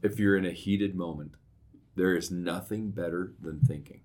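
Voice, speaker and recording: Brief: middle-aged male co-host, deep low voice, casual storyteller, animated. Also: normal speed. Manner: storytelling, animated when recounting, often asks "right?". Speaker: podcast co-host. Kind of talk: casual conversation.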